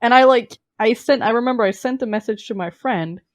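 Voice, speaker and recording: A woman's voice: fairly high pitch, brisk, dry recording. A woman whose first language is Norwegian, chatting as a podcast guest, blunt and sarcastic with a lot of swearing. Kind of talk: casual chat.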